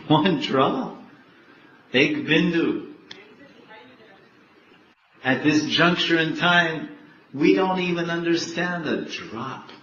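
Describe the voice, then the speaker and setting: An older man, a spiritual teacher, giving a devotional lecture slowly, repeating words and laughing often. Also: a little high, bright, forceful tone. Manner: slow, repetitive, laughing often. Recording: echoey, dull, faint background noise.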